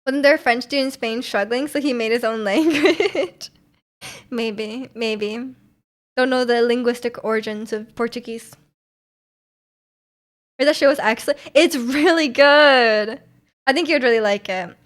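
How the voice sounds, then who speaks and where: Young woman streamer, chatty and giggly, rambling with restarts, slightly high voice. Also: measured pace, long pauses. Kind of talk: casual chat with live chat.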